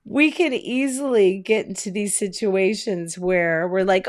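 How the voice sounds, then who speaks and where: A woman coaching at home in a lively, conversational way. She fires rhetorical questions at her listeners with steady motivational energy. Her voice sits at an ordinary middle pitch. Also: a little slow. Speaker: business coach. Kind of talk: motivational online coaching talk.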